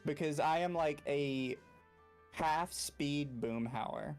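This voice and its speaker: A man's voice: a little high, slow, smooth, faint music behind. A young man with a faint Southern US accent, co-hosting a casual podcast and telling frank, joking stories. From Southern United States. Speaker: podcast co-host.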